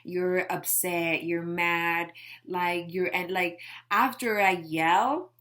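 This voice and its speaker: Slow and steady in tone, this woman's lowish voice is fairly bright. As a life coach speaking casually to camera, she motivates emphatically, filling her talk with rhetorical questions and "right?".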